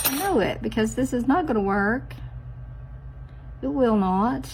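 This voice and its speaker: A woman's voice: a little high, lively intonation, unhurried, long pauses, darkish tone, breathy edge, low-quality recording. A woman, chatting casually to viewers as she does her nails, teasing herself as she goes. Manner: chatty, self-teasing, talks straight to viewers. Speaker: nail art vlogger. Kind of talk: casual chat while doing nails.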